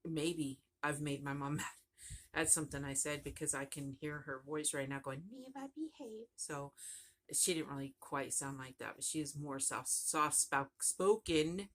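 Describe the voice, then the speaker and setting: Low-voiced woman chatting about crochet. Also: steady tone, normal speed. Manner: rambling, chatty, trails off and restarts. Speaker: crochet vlogger. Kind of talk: casual chat to camera.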